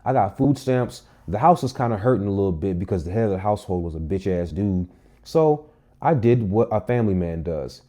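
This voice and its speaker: A young adult man vlogging a casual storytime monologue, animated and emphatic, with frequent profanity. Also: lowish voice, fairly quick.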